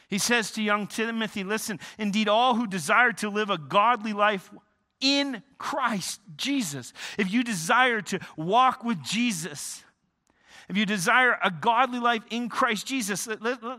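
A man preaching a sermon, emphatic, often repeating and restarting words, swinging between loud emphasis and quiet lows. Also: expressive, unhurried. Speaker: pastor.

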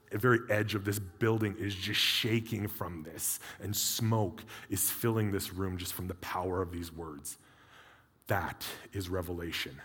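A man's voice: lowish voice, fairly bright tone. A man preaching a sermon in a conversational way, with humorous personal asides, in a church. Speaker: pastor. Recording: long hall reverb.

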